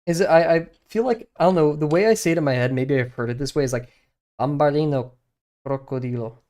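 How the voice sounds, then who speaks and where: A man's voice: on the high side, animated, quick pace, darkish tone. A young man, chatting casually on a live stream while he draws, rambling with many fillers and restarts.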